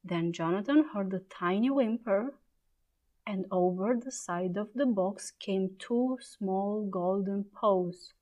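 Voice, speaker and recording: A woman reading a children's story aloud in a clear, measured way. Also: mid-range voice, mellow.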